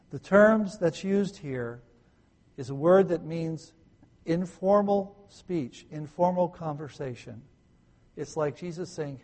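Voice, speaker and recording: Male pastor, sermon, slightly high voice, rhetorical questions, loud peaks and hushed lines. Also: lively intonation, slow. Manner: dynamic preaching, swings from loud emphasis to hushed soft tones; asks the listeners rhetorical questions.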